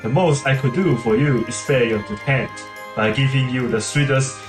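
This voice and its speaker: A man's voice: medium pitch, moderate pace, close to an everyday voice. Vain grand fairy read plainly by a man, roomy room, faint game music. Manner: reads the lines aloud plainly, with slips. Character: vain, needy female fairy, sulky and grand.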